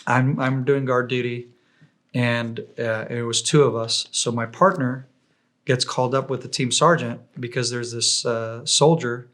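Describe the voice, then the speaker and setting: A man, a podcast guest telling a war story in a lively, conversational way, often restarting and repeating words. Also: medium pitch, a little slow.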